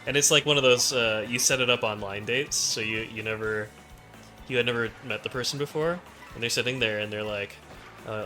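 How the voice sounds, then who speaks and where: Bright-voiced rambling man. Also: mid-range voice, brisk, soft background music. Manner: rambling, absurd hypotheticals, laughs often. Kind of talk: casual comedic chat.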